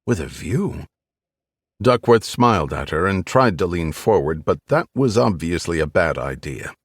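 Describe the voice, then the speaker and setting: A man reads a thriller audiobook aloud with brisk, storytelling energy. His voice sits very low yet swings widely in pitch, and the close studio sound is dry. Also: animated, no room sound. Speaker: audiobook narrator. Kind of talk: scripted narration.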